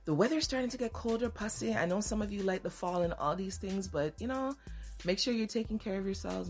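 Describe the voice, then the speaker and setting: A woman hosting a podcast, telling a frank personal story and acting out both sides of the dialogue. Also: lowish voice. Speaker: podcast host. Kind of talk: candid storytelling monologue.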